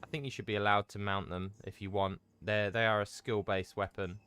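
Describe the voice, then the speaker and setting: A man's voice: lowish voice, flat delivery, a little fast, a bit bright, smooth, soft background music. A man streaming a game, chatting casually with viewers in a self-mocking way and swearing freely. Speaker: gaming streamer. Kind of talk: casual live-stream chat.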